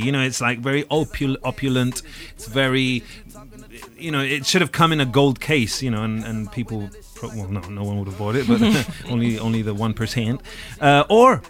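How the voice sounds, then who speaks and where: A man's voice: mid-range voice, fairly bright tone. Male podcast host, wry and rambling, mid-range voice, casual chat.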